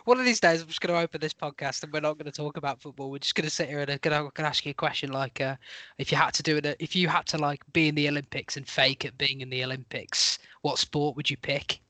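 A man's voice: fairly high pitch, fairly even intonation, quick pace, sharp tone, no echo. A man hosting a podcast in casual chat, playful and teasing, often rambling. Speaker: podcast host.

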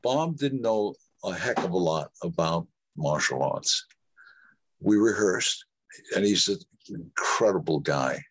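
An older actor, appearing as an interview guest, tells rambling anecdotes full of restarts and quoted dialogue. His voice is low-pitched, expressive, husky, and a bit bright, and he speaks slowly.

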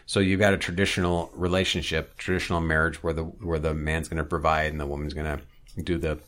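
A man in casual conversation, speaking haltingly with many fillers and restarts. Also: a bass voice, flat delivery, a bit bright. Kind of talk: casual podcast chat.

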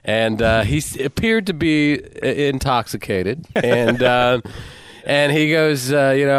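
A man casually telling a story as a podcast co-host, relaxed and easygoing. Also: medium pitch, slow pace, clean tone, no room sound, studio quality. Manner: relaxed, easygoing, uses fillers.

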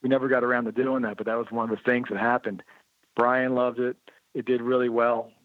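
A man's voice: medium pitch, a little fast, dry recording. A man talks through a thin, phone-like line with a dry, close sound. He tells his stories casually and animatedly. He slips into the voices of the people he quotes. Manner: lively anecdotal, acts out quoted dialogue. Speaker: interview guest, motorcycle writer and blogger. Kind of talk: casual storytelling interview.

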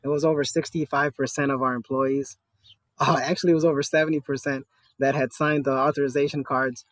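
This man's voice is medium-pitched, flat, brisk and a bit bright, with no echo. As an interview guest, a cannabis store worker organizing a union, he speaks earnestly and conversationally, leaning on fillers and a frequent "right?".

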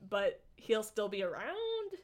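A young woman co-hosting a casual chat, excitable and gushing, often acting out lines. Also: medium pitch, slow pace.

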